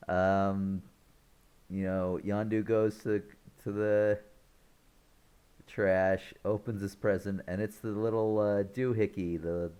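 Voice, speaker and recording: Man, online film reviewer, casual spoiler recap, slow delivery, frequent chuckles, rambling. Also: deep voice, a little mellow, clean tone. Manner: chuckles often while retelling scenes; rambling, loose retelling with restarts.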